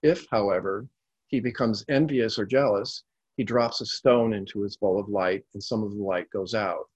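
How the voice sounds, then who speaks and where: Husky man narrating calm stories. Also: lowish voice, no echo, lo-fi sound. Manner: measured, calm reading. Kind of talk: scripted storytelling narration.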